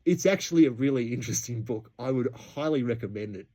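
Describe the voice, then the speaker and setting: Chatty Australian man, mellow voice. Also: mid-range voice, expressive, quick pace. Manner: chatty, laughs between points. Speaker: podcast host. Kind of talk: casual history podcast storytelling.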